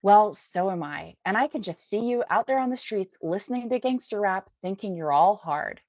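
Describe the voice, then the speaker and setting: A woman's voice: mid-range voice, expressive, moderate pace, darkish tone, dry recording, pitched above the performer's own voice, close to an everyday voice. A woman voicing a harsh, confrontational teenage girl who mocks and accuses. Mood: mocking. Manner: mocking, accusing. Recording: dull dry lo-fi recording.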